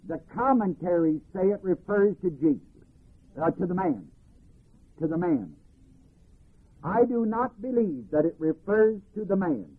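A man teaching a Bible class, reading verses and explaining them deliberately, phrase by phrase. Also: sits high, husky. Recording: tinny archival phone-band recording.

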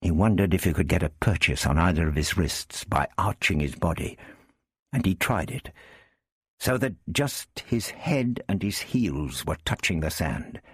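A man narrating an adventure story with steady, tense delivery. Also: deep voice, a little slow, breathy edge, no room sound, studio quality. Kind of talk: audiobook reading of an adventure story.

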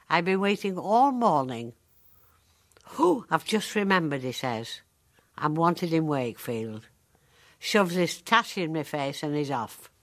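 A woman's voice: sits low, exaggerated voice. A dry-witted Northern English woman of ninety-five. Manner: dry, deadpan, wry storytelling. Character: sharp-tongued woman of ninety-five in a care home. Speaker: monologue character. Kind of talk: dramatic monologue.

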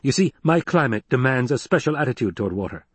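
A man's voice: mid-range voice, expressive, quick pace, slightly rough, no echo, voice pushed up. A man voicing a stiff, guarded male planetologist in an audiobook, speaking in a curt, clipped way. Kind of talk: audiobook character reading.

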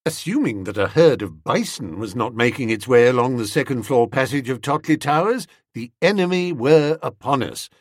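A man's voice: mid-range voice, husky, dry recording, studio quality. A man reading a comic first-person audiobook narration in a wry, theatrical manner.

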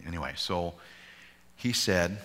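Deep-voiced pastor in a reverberant church. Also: male voice, animated, a little slow, bright, forceful tone. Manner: informal, digressive, self-deprecating humor. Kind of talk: conversational bible study teaching.

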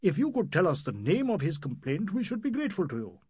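A man puts on a courteous middle-aged gentleman who tries to smooth things over. His husky voice sits a little raised and moves expressively, polite and soothing. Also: high voice, wildly swooping pitch, fast, no echo, pitched above the performer's own voice, exaggerated voice. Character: polite, placating middle-aged male host.

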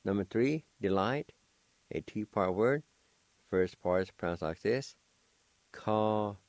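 Slow, patient man with a deep voice. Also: lively intonation, a little mellow, no room sound. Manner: slow, patient, careful letter-by-letter spelling. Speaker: language teacher and radio host. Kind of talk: slow spelling and pronunciation lesson.

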